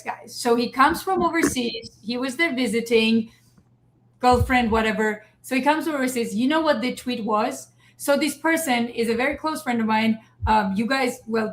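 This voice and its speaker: Animated, emphatic woman host. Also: on the high side, rough recording. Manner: animated, emphatic, speaks straight to viewers. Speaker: show host. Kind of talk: casual political chat. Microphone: streaming setup.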